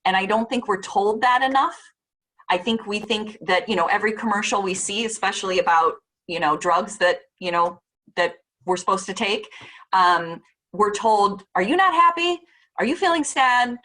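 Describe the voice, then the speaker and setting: A middle-aged woman gives a relaxed presentation in an easygoing, conversational way. Her voice sits at an ordinary middle pitch, and she slips in filler words and short voiced quotes as she goes. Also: moderate pace. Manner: chatty, warm-hearted, lots of fillers and voiced quotes. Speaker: parenting speaker presenting a talk. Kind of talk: casual presentation.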